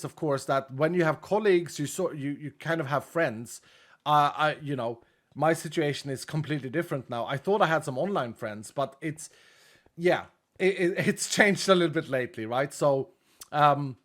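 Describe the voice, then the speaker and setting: Streamer guy thanking chat, kinda held back bc of a hurt rib, voice sits a bit high. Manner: low-key, chatty, thanks viewers one after another. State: subdued, unable to push his voice from a cracked rib. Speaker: streamer reading out donations. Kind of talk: casual livestream chat.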